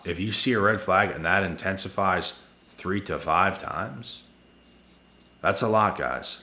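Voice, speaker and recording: A man's voice: low-pitched, unhurried, pushed and bright, echoey room. A man hosting his channel, giving relationship advice in a blunt, repetitive casual monologue late at night, sounding tired and talking to viewers as guys and bro. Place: at home indoors.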